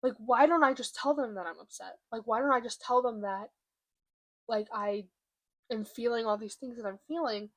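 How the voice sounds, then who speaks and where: Young woman vlogging at home, kinda high voice, halting and candid, trying not to cry. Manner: candid, halting, fighting back emotion. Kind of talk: confessional vlog. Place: room by a window, at home.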